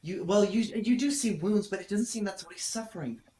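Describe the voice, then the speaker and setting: A man narrating as game master, describing scenes at length and pausing often to search for words. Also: sits high, warm tone. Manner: descriptive, hesitant, with fillers. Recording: roomy room sound.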